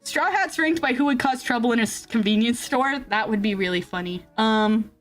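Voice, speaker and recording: High-voiced, animated woman streamer. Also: brisk. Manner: animated, swings between excited yelps and low grumbling; rambling with frequent fillers and laughs. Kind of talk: casual chat with viewers. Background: faint background music.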